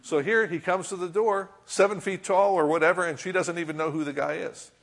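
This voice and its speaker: Husky-voiced man preaching. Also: sits high, steady tone, fairly quick, a bit bright. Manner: conversational, with frequent rhetorical questions; reads scripture aloud and comments on it. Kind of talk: sermon.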